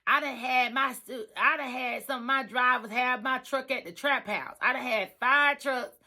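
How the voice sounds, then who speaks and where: A woman's voice: high-pitched, normal speed, pushed and bright, heavily acted. A woman voicing a brash, boastful female coworker who answers back snappily. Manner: snappy, defensive.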